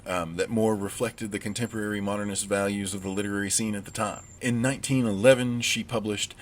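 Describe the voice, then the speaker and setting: A man's voice: fairly low pitch, steady tone, fairly quick. A man with a Southern US accent giving a recorded literature lecture, conversational with wry asides. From United States.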